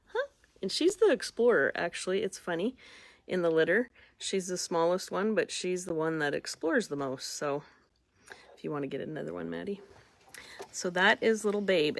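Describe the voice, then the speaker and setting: A woman breeder talks in a relaxed, folksy way as she shows off young puppies, fond and chatty. Her voice sits a little low for a woman. The sound is dry and close, with no room echo. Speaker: dog breeder showing puppies. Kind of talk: casual chat.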